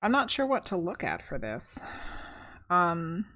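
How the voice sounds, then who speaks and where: Slow, low-voiced woman medium streaming. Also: sing-song, sharp tone. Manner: chatty, thinking aloud with fillers. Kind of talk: live-stream tarot reading, reading chat aloud.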